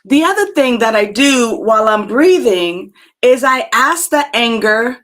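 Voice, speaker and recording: A woman hosting a live spiritual talk show, speaking gently and reflectively with many fillers and restarts as she answers chat comments. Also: fairly high pitch, lively intonation, unhurried.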